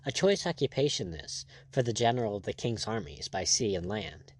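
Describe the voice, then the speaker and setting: Male audiobook narrator, measured storyteller, animated pitch, dry booth sound. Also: no echo. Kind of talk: scripted narration.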